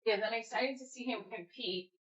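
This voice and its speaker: A woman's voice: a little high, moderate pace, slightly rough, muffled recording. A young woman rambling casually through a home livestream, chatting and answering comments with the odd swear word. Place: room at home.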